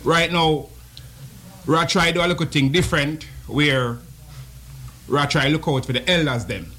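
A man's voice: on the high side, moderate pace, bright, forceful tone. A man with a Jamaican accent, a barber, talking about his shop in an easygoing way. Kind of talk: casual promo chat.

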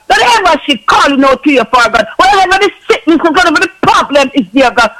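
In a low-quality recording, a man with a very high-pitched, pushed, bright voice ministers to a caller. He prays for them with passion, ending nearly every phrase with a call to God.

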